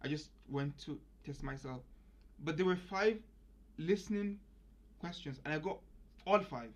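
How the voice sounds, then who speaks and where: A young man chatting casually about his own learning, rambling with many fillers and restarts and sudden excited bursts. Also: a little high, unhurried, long pauses. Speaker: language learning vlogger. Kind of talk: casual reflective monologue. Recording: muffled lo-fi audio.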